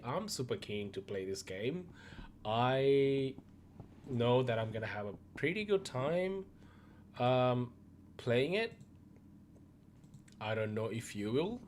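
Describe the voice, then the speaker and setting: Hosting a gaming news show, this man talks casually and rambles to his viewers with lots of fillers. His medium-pitched voice is going, and he coughs every so often, over a slight hiss or hum.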